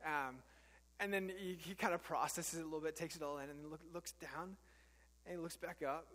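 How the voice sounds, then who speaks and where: A man's voice: a little high, quick pace, a bit bright, long reverb tail. A man preaching a sermon as pastor, earnest and conversational, with frequent fillers and restarts.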